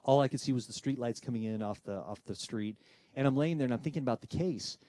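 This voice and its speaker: A man who works as a paranormal investigator, telling a personal ghost story with animated, dramatic delivery and acting out the voices of people in the story. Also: mid-range voice, no echo. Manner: dramatic pauses and tension building.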